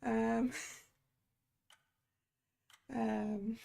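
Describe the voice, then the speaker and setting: Giggly woman streamer with a high voice. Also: flat delivery, extremely slow, vocal fry, warm tone. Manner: chatty, giggly, self-mocking. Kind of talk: casual game commentary.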